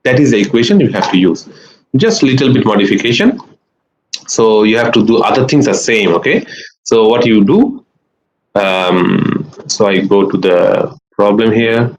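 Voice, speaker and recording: A man lecturing a class, explaining step by step in a halting way and often checking in with "okay?" and "right?". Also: fairly low pitch, animated, low-quality recording. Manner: walks through steps patiently, counting them aloud. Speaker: university lecturer.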